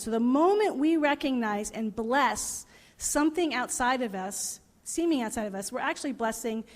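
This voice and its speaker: A woman minister giving a reflective sermon, laughing at her own jokes as she tells them. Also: a little high. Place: parish hall. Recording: long reverb of a parish hall.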